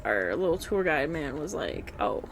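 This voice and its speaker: Young woman, let's-play co-host; chatty and giggly, very animated pitch. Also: normal speed, gravelly, a little hiss or hum. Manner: chatty, giggly, filler-heavy. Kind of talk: casual gaming commentary.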